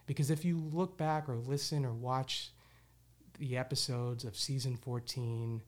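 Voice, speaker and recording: A male podcast host speaking in a casual, rambling monologue. He sounds candid and reflective, restarts his sentences often and swears offhandedly. His pitch sits at an ordinary middle height for a man. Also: a little mellow.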